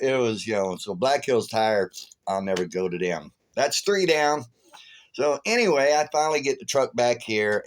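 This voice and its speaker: Man, casual vlog, rambling storyteller, profane, flares up loud, middle pitch. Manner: profane, rambling, animated storyteller who flares loud when retelling anger. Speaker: vlogger.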